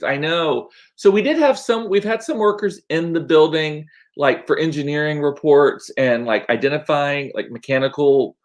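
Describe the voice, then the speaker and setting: A man, chatting casually and rambling in a home vlog, chatty and self-deprecating. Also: on the high side. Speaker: vlogger. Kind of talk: casual chat.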